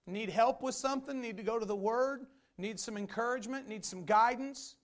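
A man's voice: very high-pitched, moderate pace. A man preaching a sermon as a Baptist pastor, emphatic and repetitive. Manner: emphatic preaching with repeated phrases.

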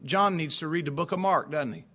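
High, bright-voiced preaching man in his forties. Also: brisk. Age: 40s. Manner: folksy, conversational preaching with rhetorical questions. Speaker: pastor. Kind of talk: sermon.

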